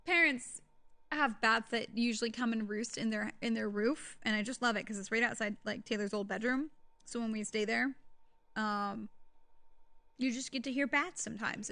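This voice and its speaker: A woman's voice: a little high, a bit bright. A woman streaming a game in casual, chatty commentary, easily startled into gasps and squeals.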